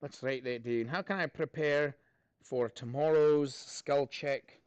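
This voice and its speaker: A man's voice: medium pitch, steady tone, takes it slowly, clear, resonant tone, no room sound. A man teaching a math class, upbeat and chatty, tossing jokey asides to his students between explanations.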